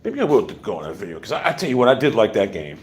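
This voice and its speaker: A man's voice: on the low side, huge pitch swings, fast. A man hosting a casual livestream, ranting bluntly with profanity and rambling asides. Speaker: livestream host.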